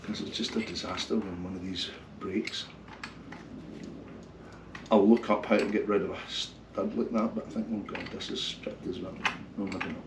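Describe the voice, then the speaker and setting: A man working on an old car engine and talking to himself, muttering quietly, with bursts of excitement. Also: sits low, normal speed. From Scotland. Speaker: car restorer. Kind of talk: casual workshop commentary. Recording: roomy, distant, noisy workshop sound.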